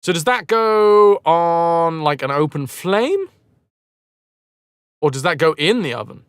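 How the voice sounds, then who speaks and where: A man's voice: fairly high pitch, expressive, takes it slowly, smooth, dry recording, clean studio sound. A man live-streaming a game, chatting casually with viewers in a rambling, self-mocking way and swearing freely.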